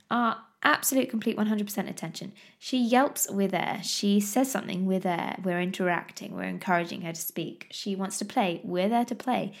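Chatty woman with a gravelly edge. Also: mid-range voice. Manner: chatty and animated, laughs often, trails off and restarts. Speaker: mother vlogging about her toddler. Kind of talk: casual chat to camera.

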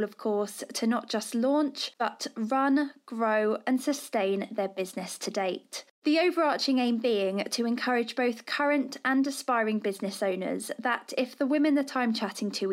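Gushing woman host with a slight lisp. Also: fairly high pitch. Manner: gushing, enthusiastic, self-deprecating. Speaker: podcast host. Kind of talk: scripted intro, then casual interview chat.

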